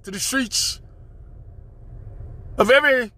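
High-voiced guy rambling a spiritual podcast rant, bright sharp tone, repeats lines like a chant. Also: takes it slowly. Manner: preachy, chanting repetitions. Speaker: podcast host.

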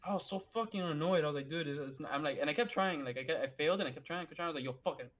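A young man in a casual voice chat with friends, swearing a lot and venting loudly. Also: fairly high pitch, very fast, a little hiss or hum.

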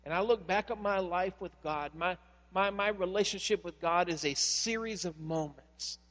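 A high-voiced male pastor preaches a sermon, telling stories and swinging from loud, stressed phrases to hushed ones. His voice rings through a long hall reverb over a faint mains hum. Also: moderate pace.

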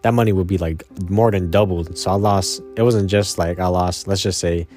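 A young man telling a personal story in a rambling, casual way, repeating himself, swearing and often trailing off quietly. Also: deep voice, steady tone, moderate pace, soft background music.

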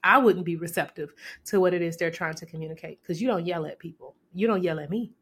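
A woman hosting a podcast and giving relationship advice in a casual, lively, emphatic way, with pointed repetition and sudden rises in pitch. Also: fast, husky.

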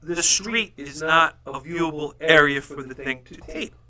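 A man's voice: on the high side, normal speed. A man telling a long story on a casual podcast, cursing a lot and acting out the quotes. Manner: animated storyteller, swears a lot, acts out quotes. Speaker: podcast co-host.

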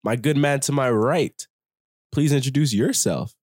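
A man's voice: mid-range voice, measured pace, a little mellow, no echo, clean studio sound. A man co-hosting a podcast, bantering casually and teasing his partner in a playful way. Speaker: podcast co-host. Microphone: studio microphone.

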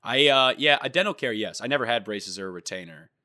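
A man co-hosting a casual podcast chat, telling stories in an animated, swearing way. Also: medium pitch, fast.

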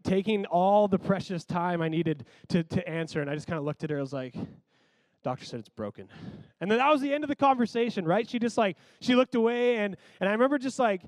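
Man with a high voice, close and dry, for a chatty, animated sermon story. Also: quick pace, no echo. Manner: animated, conversational, frequent "like".

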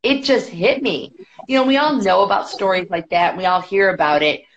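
A woman guest on a podcast, telling a story in a chatty, quick way with many fillers. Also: mid-range voice. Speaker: podcast guest, boxing federation executive. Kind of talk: casual storytelling. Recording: dull lo-fi podcast audio.

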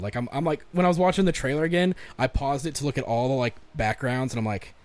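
Casting: young male podcast co-host, animated and foul-mouthed, rambling game chat. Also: mid-range voice, fast talker. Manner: animated, swears a lot, rambling with restarts. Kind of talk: casual chat about games and movies.

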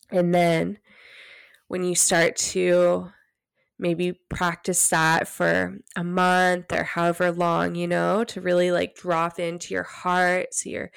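A woman hosting a solo podcast, talking gently and guiding listeners through a practice, sometimes dropping to a hush. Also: fairly low pitch, flat delivery, vocal fry, clear, resonant tone, no echo, clean studio sound. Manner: soft, gentle, unhurried guidance; drops to a hushed near-whisper when demonstrating. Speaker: podcast host.

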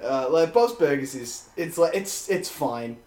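A chatty man with a fairly high, very animated voice. He rambles through his thoughts, laughs a lot and swears casually as he co-hosts a relaxed chat. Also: unhurried, roomy sound. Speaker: podcast co-host.

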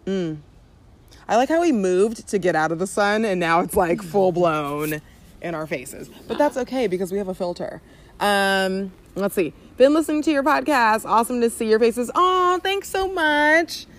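A woman's voice: mid-range voice, animated, moderate pace. A young woman from Southern California co-hosting a podcast, chatting casually outdoors in a backyard with lots of fillers and laughter. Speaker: podcast co-host. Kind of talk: casual chat.

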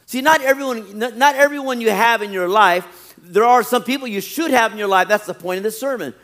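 A male pastor preaching a sermon, animated, often acting out quoted churchgoers. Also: very high voice, a little fast.

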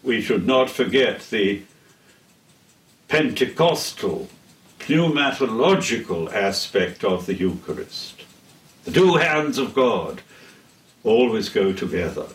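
An older man giving a theology lecture in a deliberate, solemn way, pausing between phrases. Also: lowish voice, sing-song. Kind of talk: slow measured theology lecture. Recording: echoey room, heard from a distance.

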